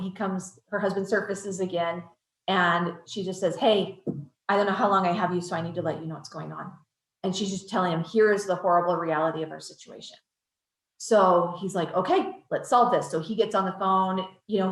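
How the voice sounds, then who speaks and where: A woman presenter speaking in an earnest, gentle storytelling tone at a middle pitch. Her voice carries a noticeable roomy echo, as if in an open room. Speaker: child advocacy trainer.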